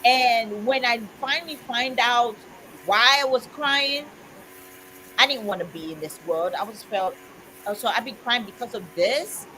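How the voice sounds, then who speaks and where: A woman's voice: on the high side, a little slow, bright, forceful tone, slight background noise, poor audio. Earnest woman sharing a personal story. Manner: earnest, heartfelt, peppered with "you know". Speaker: co-host of a community chat stream. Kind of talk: casual chat, personal testimony.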